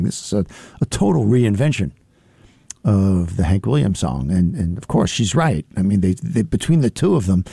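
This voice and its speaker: A man's voice: on the low side, warm tone, breathy edge, dry recording. A man hosting a music program, talking through songs in a thoughtful, conversational way with frequent fillers and restarts. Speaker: music radio host.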